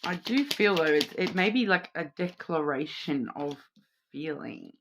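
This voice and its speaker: A woman's voice: low voice, lively intonation, measured pace, over music. A woman with an Australian accent, giving a casual, reassuring card reading to camera, chatty, with many fillers and restarts. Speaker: card reader.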